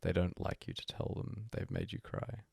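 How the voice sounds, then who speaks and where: A man reading a bedtime story aloud as a hushed, breathy first-person monologue. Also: normal speed, no echo, clean studio sound. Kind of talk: soft-spoken story reading.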